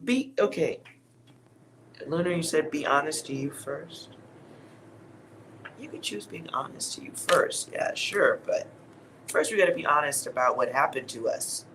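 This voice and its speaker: A man's voice: a little high, expressive, moderate pace, pushed and bright, slight background noise. Blunt, profane man reading tarot. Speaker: tarot reader. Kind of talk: casual spoken tarot reading.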